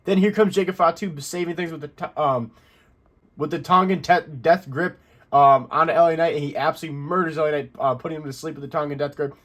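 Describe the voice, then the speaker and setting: A man's voice: on the high side, fairly even intonation, fast talker, fairly bright tone. A man hosting a casual wrestling recap, rambling through the action and correcting himself as he goes. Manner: rambling, self-correcting play-by-play. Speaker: wrestling recap channel host.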